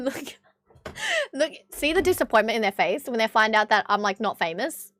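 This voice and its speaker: A woman's voice: a little high, lively intonation, moderate pace, fairly bright tone, no room sound. A young woman with an Australian accent chatting bluntly with her stream viewers, swearing often. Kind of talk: casual chat with stream viewers.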